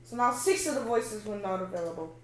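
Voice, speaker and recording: A woman casually demonstrating screen-reader software, thinking aloud and searching as she goes. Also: medium pitch, expressive, fairly quick, roomy sound, a crowd in the background, low-quality recording.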